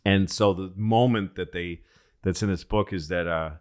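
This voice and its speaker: A male comedian spins a long, meandering story on a podcast, tripping over restarts and dropping profanity. His voice sits a little low and stays conversational throughout. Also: normal speed, clean tone. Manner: rambling, profane, full of restarts. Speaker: comedian guest.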